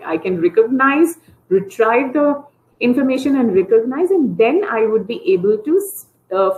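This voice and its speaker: A woman's voice: mid-range voice, a little mellow, roomy sound, rough recording. A woman giving an early intervention training lecture to parents on a video call, explaining step by step with everyday examples. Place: home office on a video call. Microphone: video call microphone.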